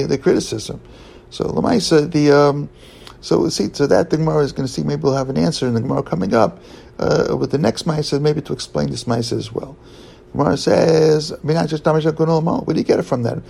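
A man teaching a Talmud lesson in a halting way, restarting his sentences often and mixing English with Hebrew and Aramaic terms. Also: on the high side, gravelly, a little mellow, breathy edge, poor audio. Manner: halting, with many restarts and fillers. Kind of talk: Talmud study lecture.

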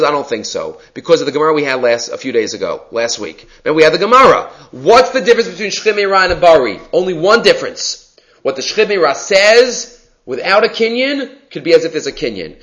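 Bright-voiced man teaching a text class. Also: fairly high pitch, dull audio. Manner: reads text aloud and explains it conversationally; answers student questions. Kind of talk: Talmud class lecture.

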